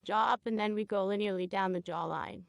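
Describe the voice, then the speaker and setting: A woman teaching a cosmetology procedure, guiding a student step by step and checking in with quick questions. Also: mid-range voice, vocal fry, dry recording, clean studio sound. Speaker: cosmetology instructor. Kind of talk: hands-on training demonstration.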